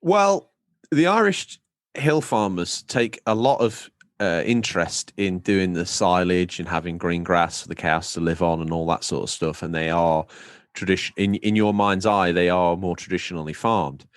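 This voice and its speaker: A man's voice: sits low, normal speed, no room sound, studio quality. A man from England co-hosting a podcast in casual chat, rambling through comic stories and acting out the other people in them. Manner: rambling comic storytelling with put-on dialogue. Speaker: podcast co-host.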